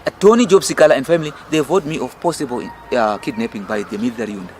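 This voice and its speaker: A middle-aged Zimbabwean man with a Zimbabwean accent, a political campaign leader, gives a fiery, emphatic, rhetorical interview at an outdoor restaurant in city gardens. His medium-pitched voice is darkish and rapid-fire, with slight background noise.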